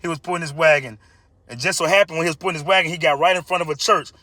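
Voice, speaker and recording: A man's voice: fairly high pitch, steady tone, racing, sharp tone, no room sound. A man casually telling a pack of jokes, hyped and chatty, laughing at his own punchlines.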